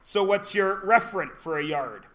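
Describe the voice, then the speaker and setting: A man's voice: sits high, lively intonation, moderate pace, fairly bright tone. A man teaching a classroom lesson, joking and quizzing his students as he goes. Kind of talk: classroom lecture.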